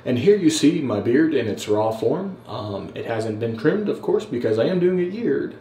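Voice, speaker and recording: A man putting on a calm, earnest beard-trim narrator, every step spelled out slow and careful, caught in a roomy, echoey space. A mock-serious tone at an ordinary male pitch. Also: a little hiss or hum. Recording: roomy echo.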